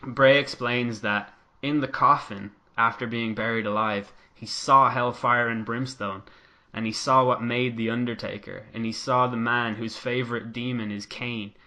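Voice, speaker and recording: A man with a mid-range voice talks at a normal speed while co-hosting a podcast. In casual chat he narrates an invented wrestling storyline, telling it with animated flair and acting out the quotes in different voices.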